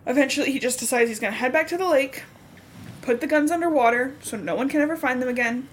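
A young woman chatting on a podcast as she recaps a story, slipping into quoted dialogue all the time. Her voice sits a little higher than most, with a faint hiss under the recording. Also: fast. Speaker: podcast co-host. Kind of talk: casual chat recapping a novel.

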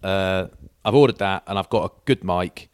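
A man's voice: sits low, moderate pace, clear, resonant tone, no echo. A man in his forties co-hosting a podcast, telling rambling, self-mocking anecdotes in casual chat. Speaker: podcast co-host.

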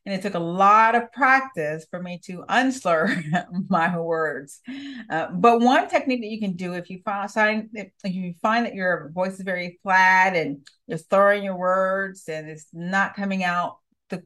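Woman, communication coach, lower voice, direct, encouraging, repeats for emphasis. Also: measured pace, a bit bright. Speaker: communication coach and podcast host. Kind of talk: coaching monologue.

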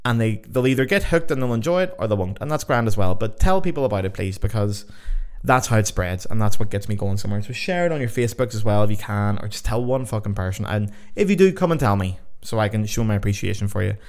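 A man's voice: on the low side, animated, fast talker. A young Irish man hosting his own podcast, talking casually and rambling, swearing freely. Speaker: podcast host. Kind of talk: casual solo podcast chat.

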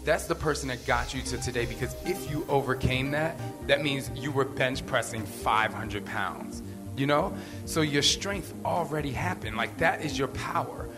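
A man's voice: mid-range voice, normal speed, over music. Earnest rambling man in a reverberant hall. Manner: earnest, rambling, repeats phrases for emphasis. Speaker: podcast host. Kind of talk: candid motivational talk.

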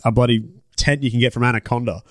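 A man's voice: medium pitch, steady tone, fast talker, dry recording. A man with an Australian accent hosting a podcast, laid-back and laughing often, swearing casually. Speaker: podcast host.

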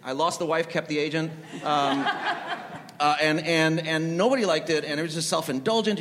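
A man's voice: on the high side, normal speed, background noise. A man telling rambling, self-deprecating stories with many restarts as a TV writer on a festival panel. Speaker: panelist, TV writer and show creator. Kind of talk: anecdotal storytelling on a panel. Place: live festival panel in a large hall. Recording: reverberant hall with faint ambience.

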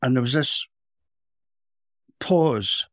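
A middle-aged Scottish man, a former police officer co-hosting a podcast, telling a story in a measured, reflective way. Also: mid-range voice, fairly bright tone, no echo, studio quality. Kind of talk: casual storytelling.

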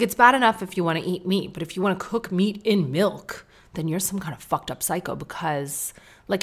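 Deep-voiced lady host just chatting away on her podcast, rambly, swears a lot. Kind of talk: casual solo podcast chat.

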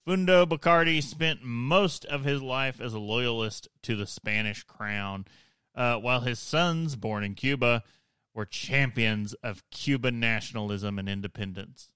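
Man, podcast host, bright voice, dry close sound, reads notes, jokes and laughs. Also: medium pitch, a little slow, clear, resonant tone, no room sound. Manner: laughs often, reads then jokes aside. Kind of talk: casual chat, reading history notes.

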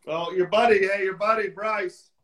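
A man co-hosting a casual stream about music, easygoing and quick to chuckle. His voice sits a bit high for a man, and he tells a story in a loose, unhurried way. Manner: relaxed joke-telling, chuckling. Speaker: co-host.

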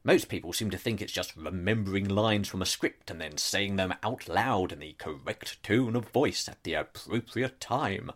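A man's voice: lowish voice, a bit bright. A man delivering a scripted comic monologue as a pompous, self-important actor, with dry asides. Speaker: comedic narrator playing a pompous actor.

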